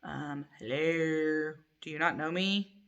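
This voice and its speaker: A woman's voice: deep voice, takes it slowly, lo-fi sound. A middle-aged woman hosting a crochet channel, chatting casually and rambling with many ums from her living room at home. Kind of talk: casual chat to camera.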